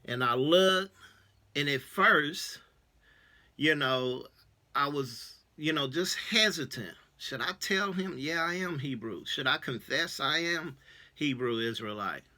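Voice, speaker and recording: Casting note: male church elder, bright clear tone, loose storytelling with lots of uh's. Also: a little high, expressive, slow pace. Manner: casual, many fillers, acts out quoted dialogue. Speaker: religious elder. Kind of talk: personal testimony storytelling.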